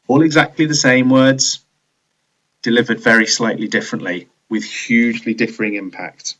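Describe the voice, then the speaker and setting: Measured man narrating a training video. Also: mid-range voice, steady tone, fairly bright tone, rough recording. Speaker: leadership trainer.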